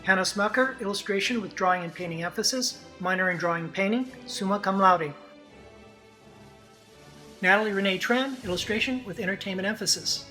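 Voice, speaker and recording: A man's voice: high-pitched, fairly quick, sharp tone, soft background music. A man on the illustration faculty giving a formal, recorded commencement address and reading out the graduates' names and honors.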